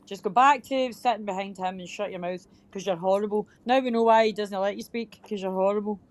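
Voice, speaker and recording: A woman, swearing and laughing loudly in casual chat on a live-stream panel. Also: mid-range voice, a little fast. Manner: loud, sweary, laughs a lot.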